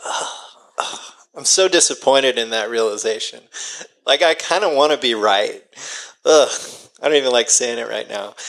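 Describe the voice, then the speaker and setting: Earnest, self-deprecating pastor preaching. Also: male voice, medium pitch, a bit bright, rough recording. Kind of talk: sermon.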